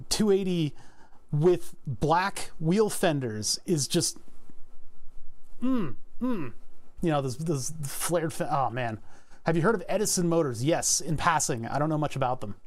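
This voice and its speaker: A man's voice: a little high, animated, measured pace. Rambling, joking Philly man. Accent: Philadelphia. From Philadelphia, USA. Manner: rambling, joking, swears freely, many restarts. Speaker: streamer. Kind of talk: casual livestream chat while designing circuit boards.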